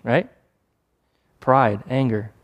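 A man delivers a sermon in an easy, conversational tone, now and then acting out short scenes. His voice sits at an ordinary middle pitch. It rings with the long reverb of a large hall. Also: drawn-out words, muffled recording. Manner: conversational preaching with acted-out asides. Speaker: preacher.

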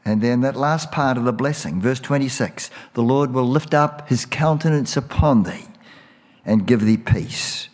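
Slow, emphatic preacher in a reverberant hall. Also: male voice, mid-range voice, a little mellow. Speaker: pastor. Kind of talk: sermon.

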